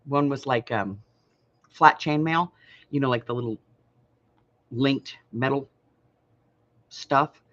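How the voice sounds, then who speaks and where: An older woman with a rumbling low voice and fairly bright tone hosts a casual crafting livestream from home, speaking slowly with long pauses. She chats, meanders through a story, and greets viewers by name, and the home livestream audio is slightly muffled.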